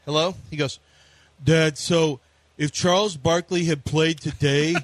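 A man's voice: a little high, fairly even intonation, measured pace, no room sound. A man co-hosting sports radio, telling self-mocking stories about his son. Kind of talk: casual anecdotal radio chat.

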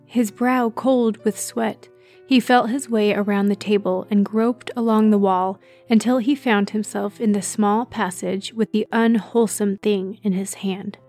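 A woman narrating a story in a slow, measured reading. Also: mid-range voice, steady tone, a little mellow, soft background music. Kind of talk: audiobook narration.

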